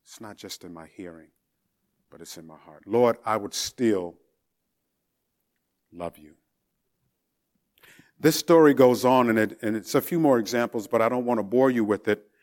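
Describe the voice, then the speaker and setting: A man's voice: lowish voice, normal speed, long pauses, a little mellow. A man preaching a sermon, telling a story in a reflective, storytelling manner.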